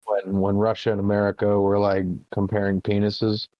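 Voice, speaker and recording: A man's voice: fairly low pitch, monotone, moderate pace, no echo, lo-fi sound. A man co-hosting a casual comedy podcast, swearing freely and laughing often. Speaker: podcast co-host.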